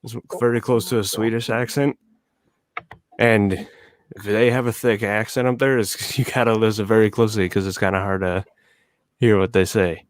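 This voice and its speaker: Swearing Minnesota man, deep smooth voice. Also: steady tone, moderate pace, dry recording. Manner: plain-spoken, swears casually. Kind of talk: casual live-stream chat.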